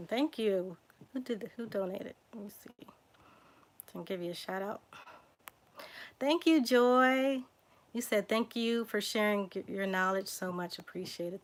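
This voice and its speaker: A woman with a Southern drawl hosts a relaxed livestream at an unhurried pace. She reads names aloud, spelling some letter by letter, and chats casually with her viewers. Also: medium pitch. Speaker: genealogy livestream host. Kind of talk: casual livestream reading surname lists.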